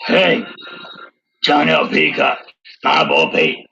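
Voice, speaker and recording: A man putting on an Australian accent as a boisterous bloke greeting his mates in a loud, drawn-out way. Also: medium pitch, very animated, gravelly, voice pushed up, heavily acted. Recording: dull lo-fi sound.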